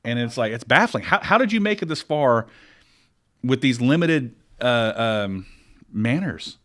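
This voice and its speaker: Animated man ranting on a podcast. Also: mid-range voice, a little slow. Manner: animated storytelling, rants with emphasis. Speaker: podcast co-host. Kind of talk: casual chat.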